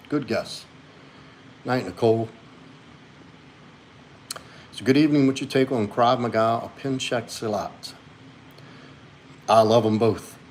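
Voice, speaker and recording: A man, hosting a casual live stream and answering viewers' questions as he reads chat. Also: a little hiss or hum. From Louisiana. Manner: answers chat questions, talks to his dog in a high sweet voice. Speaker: livestream host and coach.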